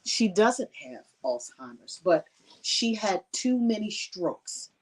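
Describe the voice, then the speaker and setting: An earnest woman sharing personal testimony on a conference panel, her voice emotional and broken by frequent laughter. She sits a little back from the mic, so she sounds slightly distant, with a medium pitch. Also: big pitch swings, slow.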